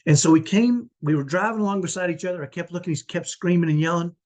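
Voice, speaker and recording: A man's voice: fairly high pitch, fast, hardly any pauses. A man talking about his life as a parent, telling a personal story in a conversational way and often tagging his sentences with "right?". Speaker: parent vlogger.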